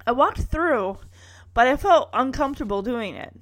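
A woman's voice: high-pitched, lively intonation, moderate pace. A woman recapping an episode in a casual, chatty way, with wry sarcastic asides.

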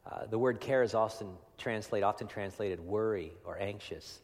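A man preaching a sermon in a conversational way, often asking "right?" and swinging between loud emphasis and hushed, near-whispered lines. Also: on the low side, normal speed. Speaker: pastor. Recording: long hall reverb.

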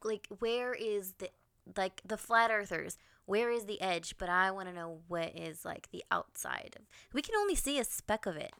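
A woman's voice: medium pitch, very animated, normal speed, a bit bright, clean tone, dry recording, studio quality. A woman co-hosting a podcast, wondering aloud and stringing question after question in casual chat.

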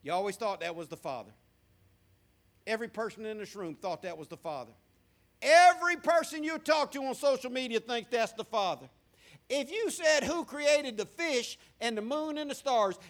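A man's voice: very high voice, fairly bright tone. A male pastor preaching a sermon in a church, asking the congregation questions and repeating words for emphasis. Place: church sanctuary.

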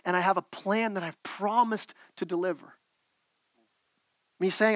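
Earnest high-voiced pastor preaching. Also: male voice, fairly even intonation, a little slow, a bit bright, no echo. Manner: earnest preaching with repeated phrases and stumbles. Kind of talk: sermon.

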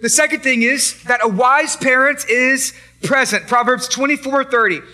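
A man's voice: very high-pitched, normal speed, pushed and bright. A man preaching a sermon to parents, emphatic and repetitive, asking the crowd rhetorical questions. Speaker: pastor.

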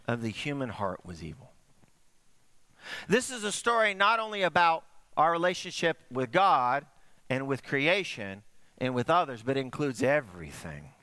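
Guy preaching a sermon, voice all over the place up and down, bright, dry sound. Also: dry recording. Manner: animated storytelling, swooping between high and hushed. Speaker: pastor.

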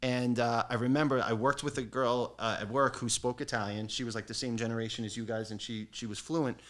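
Middle-aged guy yarning about family, laughs a lot, regular pitch. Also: fairly even intonation, fairly quick, fairly bright tone. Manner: storytelling with laughs and Italian quotes. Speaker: guest. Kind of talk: casual chat.

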